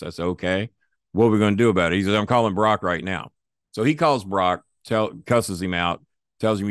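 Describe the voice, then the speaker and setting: In a voice on the low side and at a slightly quick clip, a guest storyteller delivers a long, cursing-filled anecdote in a casual interview, animatedly impersonating the people he quotes. The recording is studio quality, free of room sound.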